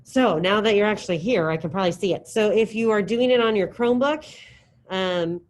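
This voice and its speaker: A middle-aged woman teaching a high school Spanish class, leading drills in a chatty, encouraging way. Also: a little fast, low-quality recording. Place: classroom with students present and online.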